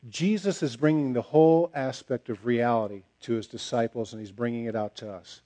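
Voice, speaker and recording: A man preaching a sermon in a warm, mellow voice at a middle pitch. He presses his points with repetition, then lets each one sink to a hush. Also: brisk. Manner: emphatic, repeats phrases and drops to a quiet close. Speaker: pastor.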